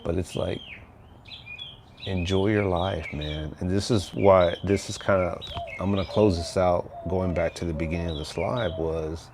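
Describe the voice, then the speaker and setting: A man's voice: deep voice, fairly even intonation, unhurried, background noise. An older man from Texas, hosting a casual livestream chat in a rambling, laid-back way that keeps tagging on "right?", outdoors near his house. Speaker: livestream host.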